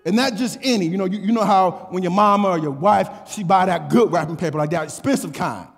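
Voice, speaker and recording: High-voiced man preaching fervently. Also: fast, creaky. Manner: fervent, shouting in bursts, stammering restarts. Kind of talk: sermon. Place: church. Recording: echoey church hall with music.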